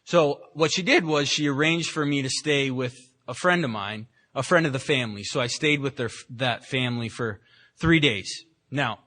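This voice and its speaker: Speaking at an AA gathering in a meeting room, a man from San Francisco, California recounts his recovery with candor and self-mockery, full of restarts. The voice sits at medium pitch and sounds a bit bright.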